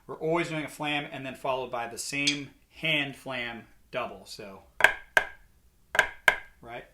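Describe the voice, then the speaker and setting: Guy teaching drum rudiments, counting out loud, drums banging loud behind him. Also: medium pitch, slow pace, heavy background noise. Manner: calls out counts and rudiment names loudly over drumming. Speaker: drum instructor. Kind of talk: instructional lesson, counting along while playing.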